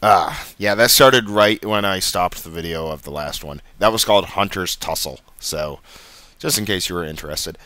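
Young male let's-play host, deep pitch with a sharp edge, chatty and self-deprecating. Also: moderate pace, no echo. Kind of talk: casual gameplay commentary.

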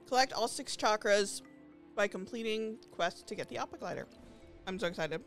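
A woman streaming a game live, chatting to her viewers and gushing excitedly over new items. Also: mid-range voice, normal speed. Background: faint game lobby music.

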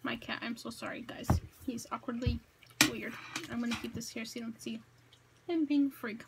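A young woman talks to her viewers from home in a relaxed eat-with-me vlog. Her voice sits a little high, and she rambles with plenty of fillers and self-corrections. A faint hum of the room runs under her voice. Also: normal speed, creaky. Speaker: vlogger. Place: home, indoors.

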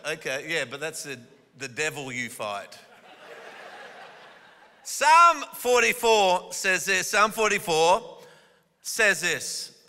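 A man preaches from the front of a church, his high, piercing voice cutting through a long, ringing hall reverb. He jokes with people he calls up, then leans into scripture with forceful, emphatic punches on key words. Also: a little hiss or hum. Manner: calls the congregation up and has them repeat words. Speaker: guest pastor. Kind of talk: energetic sermon. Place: church auditorium.

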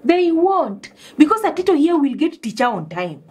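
A woman's voice: high-pitched, very animated, normal speed, a little mellow. A woman playing a mischievous young female student who asks teasing, probing questions. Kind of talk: TV drama acting.

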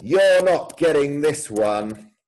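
A man's voice: medium pitch, big pitch swings, darkish tone, slight background noise. A man reading as a brash young gem thief. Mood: boastful. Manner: slow, drawn-out read-aloud delivery. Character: brash young male gem thief taunting his brother.

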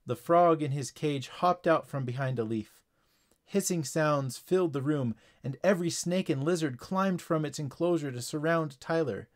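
A man's voice: fairly high pitch, normal speed. Man narrating a children's story.

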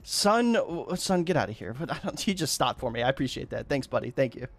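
A young man giving loud, excitable gameplay commentary, trash-talking other players, laughing and yelling often. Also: medium pitch, fast talker, creaky, breathy edge. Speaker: gaming YouTuber.

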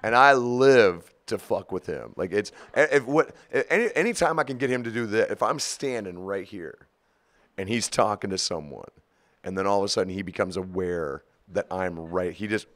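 A man in his forties, the guest of an interview, telling stories in an animated, profane way with frequent laughter. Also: fairly low pitch, normal speed. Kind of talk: storytelling interview.

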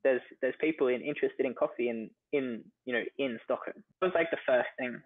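This chatty young Australian, a coffee entrepreneur, tells stories as an interview guest in a fairly quick, mid-range voice. Fillers like "like" and "you know" crop up often, and the recording is dry and phone-like.

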